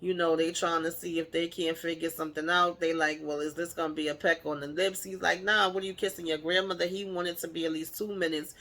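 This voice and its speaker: A woman recapping a TV episode in casual chat, acting out the characters' lines with animated shifts in voice and laughing along. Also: fairly low pitch, brisk, few pauses. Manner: animated retelling, playfully acts out the characters' lines; laughs while retelling. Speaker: TV show recapper.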